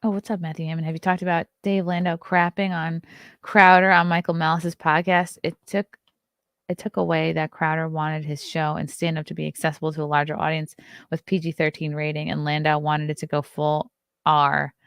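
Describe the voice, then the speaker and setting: A woman's voice: deep voice, flat delivery, fairly quick, fairly bright tone, clear, resonant tone, no room sound, clean studio sound. A woman from Long Island with a Long Island accent, hosting a casual morning show, reading headlines aloud and riffing on them bluntly and sarcastically. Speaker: host. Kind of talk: casual morning livestream chat.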